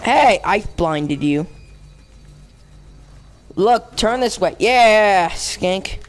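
A young man talks over his gameplay at an unhurried, drawn-out pace. His chatter is full of fillers and trailing thoughts. He bursts into loud yelling and frustrated screaming whenever the game turns on him. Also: high voice, lively intonation, faint music behind. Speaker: gaming channel host. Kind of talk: let's play commentary.

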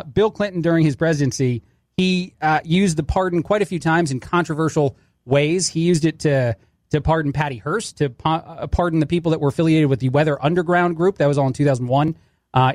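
A man's voice: on the high side, dry recording, clean studio sound. A man hosting a talk radio show, giving wry, opinionated commentary on the clips he plays. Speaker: fill-in radio host.

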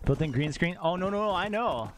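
A young man chatting casually while live-streaming a game at home, excitable and quick to exclaim and laugh. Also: high-pitched, slight background noise.

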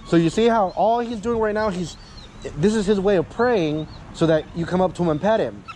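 Man, dog trainer, talkative coaching, casual swearing, slightly high mellow voice, outdoors, faint traffic behind. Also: brisk, low-quality recording. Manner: talkative coaching, keeps checking in with "yeah?" and "okay?", swears casually. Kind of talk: explaining a training session to a dog owner. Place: outdoors by a parking area with cars.

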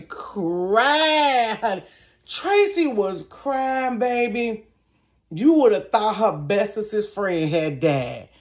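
A woman telling a family story to her viewers from her bedroom, animated, laughing, and calling them y'all and honey. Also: fairly high pitch. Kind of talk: casual storytime.

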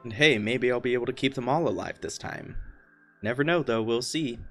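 A man doing let's play commentary on a retro game, cursing constantly and yelling at the game. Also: medium pitch, fairly quick, soft background music. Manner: swears constantly, ranting in frustration; yells at the game. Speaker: gaming YouTuber playing a retro game.

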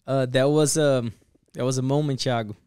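A man speaks as a guest pastor on a podcast, earnest and animated as he acts out the lines in his stories. His voice is smooth and clear at a middle pitch. The sound is dry and close to the mic. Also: normal speed, no room sound. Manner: earnest, animated storyteller who acts out quotes. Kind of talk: casual podcast storytelling.

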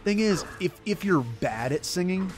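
A male gaming streamer with a high-pitched, expressive voice rambles at normal speed over music. His casual let's-play commentary is full of self-deprecating chatter during gameplay.

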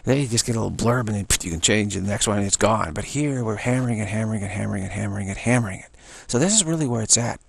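A man leading a spoken meditation practice, repeating the same word again and again between short phrases in an unhurried, musing way. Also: lowish voice, creaky, breathy edge. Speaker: meditation teacher.

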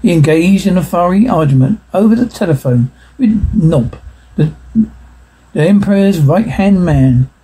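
Husky man reading aloud. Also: sits high, lively intonation, measured pace, warm tone, rough recording. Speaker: narrator. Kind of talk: audiobook reading.

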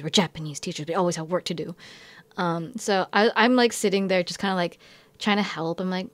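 A young woman who works as a teacher spins a casual vlog story in a slightly low voice. She rambles, stacks up "like" and corrects herself mid-sentence. The sound is dry and close, with no room around it. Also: fairly quick, no echo. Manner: rambling, heavy filler "like", self-corrections. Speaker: teacher in Japan.

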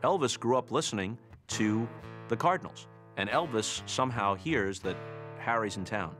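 A man telling broadcasting stories in an interview in a lively, emphatic way. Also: fairly low pitch, normal speed, music in the background. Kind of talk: anecdotal interview storytelling.

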